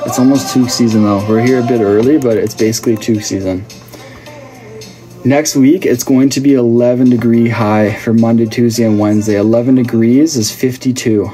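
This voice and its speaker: A man talks to his viewers in a relaxed, joking live chat, teasing them as he answers comments. His voice sits in a middle pitch and has a dark, mellow tone. Soft music plays faintly behind him. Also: brisk. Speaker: livestream host.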